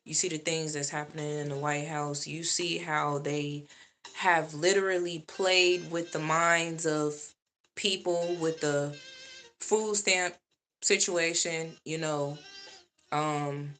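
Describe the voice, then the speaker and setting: A woman's voice: low voice, steady tone, slow, fairly bright tone, a little hiss or hum. A woman vlogger in a casual monologue, talking straight to her viewers and repeating points for emphasis.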